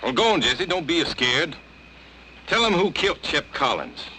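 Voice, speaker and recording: A man's voice: fairly high pitch, big pitch swings, moderate pace, sharp tone, a little hiss or hum, rough recording. An actor playing a determined young Southern man in a 1940s film, pressing hard with an insistent manner. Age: young adult. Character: determined young swamp-country man, stubborn.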